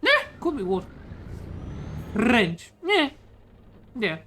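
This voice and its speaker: Tipsy woman chatting on stream, cursing lots, loud truck game hum underneath. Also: a little high, sing-song, very slow. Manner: rambling, swears often. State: tipsy from beer. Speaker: livestreamer. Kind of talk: casual gaming stream chat. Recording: game engine noise behind voice. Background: truck driving game sounds.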